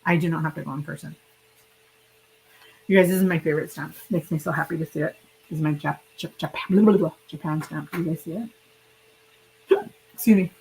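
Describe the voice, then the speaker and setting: A woman with a slightly low voice rambles chattily to her stream viewers. She is sick and hiccuping, talking straight to her audience in a loose, casual way. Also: steady tone, a little fast, gravelly, pauses often, a little mellow, a little hiss or hum, rough recording. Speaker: livestream host. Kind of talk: casual livestream chat.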